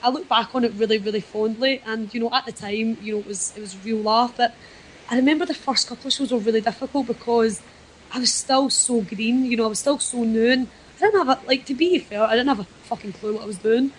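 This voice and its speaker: A woman's voice: on the high side, fast, a little hiss or hum, rough recording. A Scottish woman, a wrestler guest, chatting casually and self-deprecatingly in a podcast interview. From Scotland.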